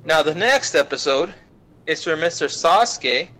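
A man's voice: on the high side, rough recording. Young man cursing through an anime recap. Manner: profane, animated retelling with quick voices for characters. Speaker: podcast guest.

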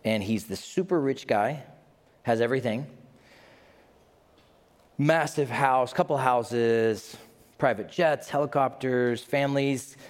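A male pastor preaching a sermon in a conversational, animated way with casual asides. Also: medium pitch, takes it slowly, pauses often. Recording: echoey hall reverb.

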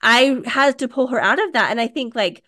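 A woman's voice: on the high side, moderate pace. Chatty woman telling a story. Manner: animated storytelling, acts out quoted dialogue. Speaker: podcast co-host. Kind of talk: casual podcast chat.

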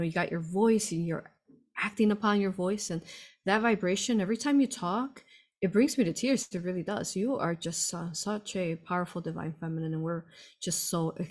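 A woman's voice: on the low side, normal speed. A woman hosting a group chat who speaks in an effusive, emotional way and laughs easily. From United Kingdom.

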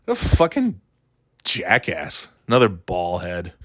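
A man's voice: low-pitched, huge pitch swings, unhurried, fairly bright tone, no echo, studio quality. Profane, rambling male podcast host. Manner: rambling, sarcastic, swears a lot. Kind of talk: casual profane rant.

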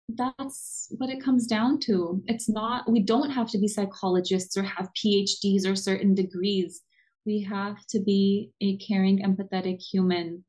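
A woman from the United States, a counselor and podcast guest, speaking in an encouraging, expressive way. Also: mid-range voice, poor audio. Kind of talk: conversational interview.

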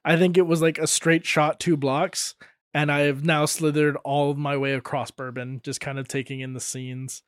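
A man playing a tabletop game, describing what his character does in a relaxed, halting way with many fillers. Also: a little high, dry recording, studio quality. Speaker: player.

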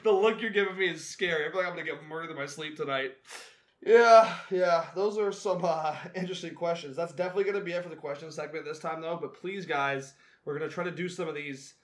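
A young man in his twenties chatting casually on a podcast, his voice sitting a bit higher than most men's. He rambles through stories with loose swearing and frequent laughter. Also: fast talker. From Northern California. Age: 20s. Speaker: podcast co-host. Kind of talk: casual chat.

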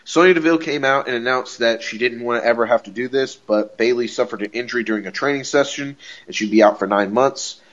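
A man hosting a podcast, recapping a wrestling show in a casual, excitable way, laughing often and repeating himself. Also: mid-range voice, fast, few pauses, muffled recording. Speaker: podcast host.

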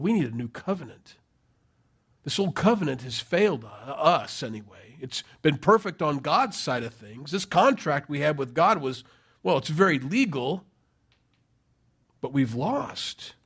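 A man's voice: on the high side, breathy edge. A middle-aged man preaching a sermon, conversational and emphatic, with rhetorical questions. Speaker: pastor.

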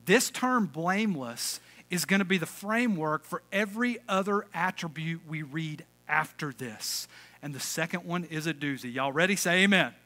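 A male pastor preaching a lively, conversational sermon, calling out to the congregation. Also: fairly high pitch, moderate pace. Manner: energetic, conversational, calls for audience response.

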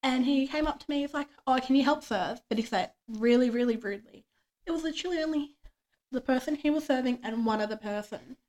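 A woman's voice: high voice, quick pace, a little mellow. A young woman, chatting casually as a podcast co-host and acting out quoted lines from her workday. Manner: chatty storytelling, acts out quoted dialogue. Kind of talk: casual chat.

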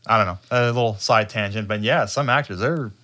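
Low-voiced man rambling on a podcast. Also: fairly quick. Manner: rambling, profane, animated retellings. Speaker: podcast co-host. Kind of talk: casual chat.

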